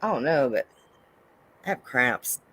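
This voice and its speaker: A woman's voice: very deep voice, expressive, unhurried, fairly bright tone, husky. A woman co-hosting a podcast in casual banter, teasing and laughing often. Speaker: podcast co-host.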